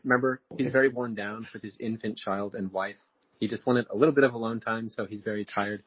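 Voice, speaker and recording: A man with a slightly husky voice hands out mock-serious acting notes in podcast banter. He sounds close and dry, with a dull, lo-fi tone. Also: fairly low pitch, steady tone, a little fast, no room sound. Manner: mock-serious, directing like a film director. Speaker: podcast co-host.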